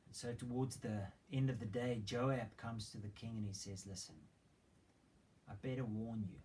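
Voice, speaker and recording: A man preaching a sermon as a story, retelling it with dramatic emphasis and hushed moments. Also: fairly low pitch, moderate pace. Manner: dramatic retelling, swings between loud emphasis and hushed whispers. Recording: distant mic with faint background noise.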